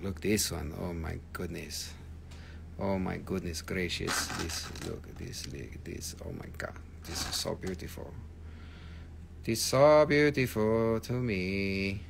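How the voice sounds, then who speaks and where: A man hosting a live stream where he sells rocks, gushing excitably over each stone, swearing freely and bantering with viewers. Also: sits low, measured pace, gravelly, noisy background. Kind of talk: live sales stream chat.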